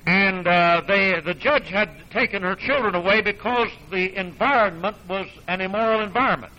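A male Baptist preacher delivers his sermon in a high, sharply bright voice. He hammers his points with emphasis, then drops into low, folksy asides. His storytelling carries a dry, sarcastic edge. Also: normal speed, highs cut off. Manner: emphatic, swings from loud declarations to low asides.

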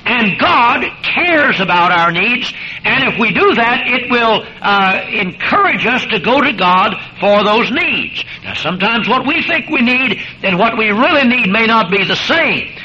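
A man's voice: very high-pitched, animated, measured pace. A man preaching a sermon, speaking emphatically and addressing his listeners directly as beloved, over a muffled radio broadcast with hiss.

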